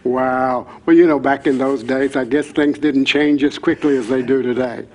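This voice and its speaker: A man's voice: mid-range voice, fairly even intonation, moderate pace, darkish tone, low-quality recording. A man hosting an interview, reacting with short exclamations and asking follow-up questions. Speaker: interview host.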